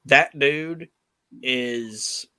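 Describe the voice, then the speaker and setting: A male podcast host tells a story in swearing, emphatic casual chat. His voice sits at an ordinary middle pitch, and the recording is dry and close. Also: extremely slow, bright, forceful tone, clean tone, no echo.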